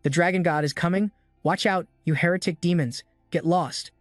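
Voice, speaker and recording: A man's voice: sits high, normal speed, no echo, clean studio sound, faint music behind, natural voice. A man doing a smug, cruel cult zealot. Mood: ranting. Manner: shouting, cursing.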